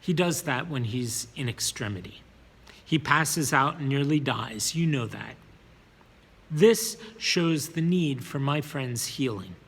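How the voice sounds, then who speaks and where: A man's voice: medium pitch, animated, takes it slowly, fairly bright tone, husky, long reverb tail. A man narrating a first-person story, sometimes repeating words as he reads.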